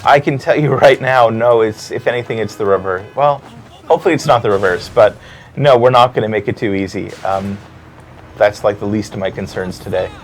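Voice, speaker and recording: A man's voice: fairly low pitch, a little fast, faint music behind. A man co-hosting a live game stream, reading viewer comments and explaining the game in an easygoing way. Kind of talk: casual stream chat.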